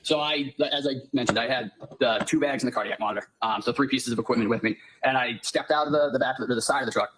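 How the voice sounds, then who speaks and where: Man, courtroom testimony, paramedic witness, brisk pace, polite. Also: mid-range voice, fairly bright tone, slight background noise, poor audio. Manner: polite, measured, answers with "yes, sir".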